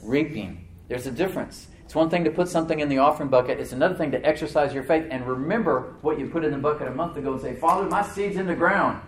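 Male pastor, mid-pitched, conversational sermon with loud emphatic peaks, faint background hiss. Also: fast, hardly any pauses, echoey room. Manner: swings from loud emphatic bursts to low quiet asides; conversational, with repeated words and restarts. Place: church.

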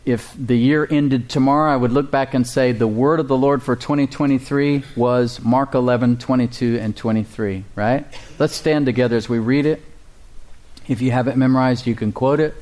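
A man preaching from the pulpit in a mid-range voice. He calls out to his congregation for responses and slows to a careful, deliberate pace when reading scripture. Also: medium pitch, a little mellow. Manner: reads scripture slowly and deliberately. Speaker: pastor. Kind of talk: sermon.

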